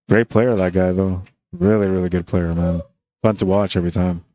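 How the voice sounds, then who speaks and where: A man's voice: sits low, warm tone, dry recording. A man giving laid-back, chatty live commentary on a pool tournament, reading viewer messages and talking about the players. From Canada.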